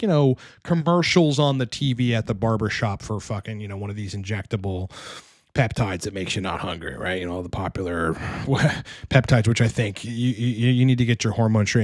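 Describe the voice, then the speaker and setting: A man's voice: medium pitch, no echo, studio quality. A man coaching on fitness, answering audience questions in a casual monologue, blunt and profane and rambling with frequent restarts.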